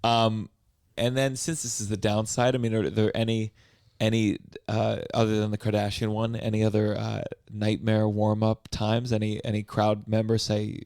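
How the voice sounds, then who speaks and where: A man's voice: lowish voice, flat delivery, normal speed, darkish tone, no echo, studio quality. A man hosting a podcast, asking questions in easygoing chat and swearing freely. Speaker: podcast host. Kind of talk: casual interview chat.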